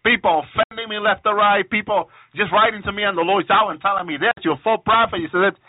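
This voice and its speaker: A man's voice: sits high, fairly even intonation, no echo. Earnest man preaching over a tinny line. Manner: emotional, repeats praise phrases, halting restarts. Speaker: preacher on a radio program. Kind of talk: testimony sermon.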